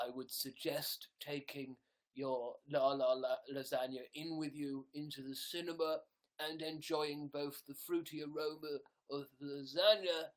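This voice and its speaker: A man's voice: on the high side, lightly acted, rough recording. A man voicing a pompous food blogger who introduces his own blog, speaking in an over-formal, mock-grand way.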